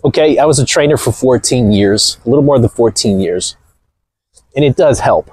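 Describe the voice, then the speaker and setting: Energetic male host in his forties, husky and gravelly, animated casual rant. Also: mid-range voice, moderate pace, no room sound. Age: 40s. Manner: loud, energetic, laughs often. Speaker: motivational video host.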